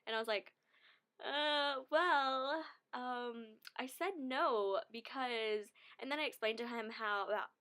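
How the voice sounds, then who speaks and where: A woman's voice: on the high side, slow, bright, forceful tone, smooth. A young woman, telling a story in a chatty, giggly way and saying "like" a lot. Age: young adult. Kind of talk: casual storytelling vlog.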